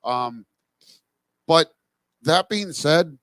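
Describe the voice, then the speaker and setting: A man's voice: a little high, lively intonation, drawn-out words, fairly bright tone, no room sound. A man co-hosting a casual sports podcast, laid-back and blunt. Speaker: podcast co-host.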